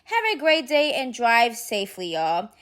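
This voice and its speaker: A woman's voice: fairly high pitch, very animated, normal speed, a bit bright. A woman hosting a celebrity gossip channel, reading posts aloud and commenting in a sassy, chatty way. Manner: sassy, chatty, addresses viewers as y'all.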